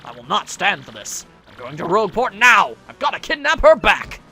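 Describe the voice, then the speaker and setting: A man puts on a grumpy giant turtle king from a video game, blustering and bellowing like a comic villain. His lines leap around in pitch with a bright, forceful edge, and faint game music plays behind. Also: huge pitch swings, moderate pace, exaggerated voice.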